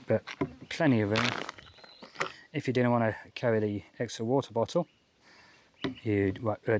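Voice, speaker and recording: A man's voice: lowish voice, darkish tone, slight background noise. A man from Australia hosting his outdoor gear channel, explaining his pack loadout step by step in a casual, easygoing way. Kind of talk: casual gear demonstration vlog.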